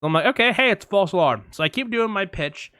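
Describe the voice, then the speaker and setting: Bright, lively man telling stories. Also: high-pitched, fast talker, no echo, studio quality. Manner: animated storyteller, acts out voices and sirens. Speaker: podcast co-host. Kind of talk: casual storytelling chat.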